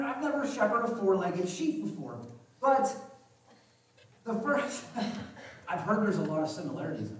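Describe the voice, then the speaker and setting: A pastor preaches in a relaxed, conversational way, often repeating a phrase and asking the room whether they agree. His voice sits fairly high for a man. He sounds a little distant from the mic, and a heavy echo from the sanctuary hangs on every word. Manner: conversational, repeats phrases, asks the congregation questions. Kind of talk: sermon. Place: church sanctuary. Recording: very echoey church hall, mic from a distance.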